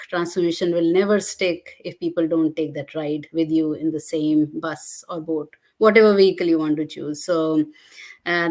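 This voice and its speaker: A woman interview guest who speaks earnestly and explains things at length, often pausing on filler sounds. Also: deep voice, darkish tone. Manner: earnest, explanatory, with frequent hesitations. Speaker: guest, digital transformation leader. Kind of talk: conversational interview.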